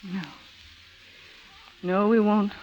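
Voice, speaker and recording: A woman's voice: mid-range voice, flat delivery, very slow, lo-fi sound. An actress playing a hard-bitten young woman in an old radio drama, with tough, slangy talk. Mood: pleading firm. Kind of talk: 1930s radio drama acting.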